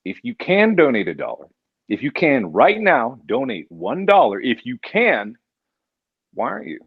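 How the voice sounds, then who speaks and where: Animated man hosting a charity stream. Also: moderate pace, breathy edge, dry recording, phone-quality sound. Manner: animated, jokey, jumps into high exaggerated outbursts. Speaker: livestream host. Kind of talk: casual charity livestream chat.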